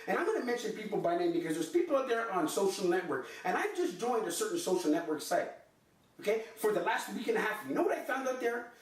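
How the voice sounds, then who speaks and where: A man's voice: expressive, brisk. A man hosting a sports podcast, delivering an impassioned, theatrical comedic rant. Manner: impassioned and theatrical, swinging between low growls and high outbursts. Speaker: podcast host. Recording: echoey room, far from the mic.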